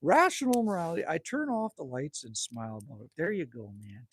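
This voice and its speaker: Husky, lively fifty-something man. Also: on the high side, a little fast, no room sound. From Canada. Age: 50s. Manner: rambling, joking, crude banter with chat. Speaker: livestream host. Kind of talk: casual live chat reading viewer comments. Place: outdoors at a cabin by a campfire.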